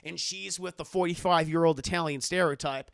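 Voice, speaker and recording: A man streaming live, recapping a film in an animated, rambling, profane way. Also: fairly high pitch, brisk, creaky, clean tone.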